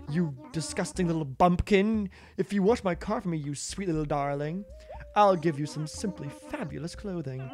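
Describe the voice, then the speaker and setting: A man voicing a haughty female giraffe fashion designer from a video game, drawing out every "darling" and rolling his R's. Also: high voice. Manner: snooty, drawn-out "darling"s, rolled R's. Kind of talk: reading game dialogue aloud in a voice.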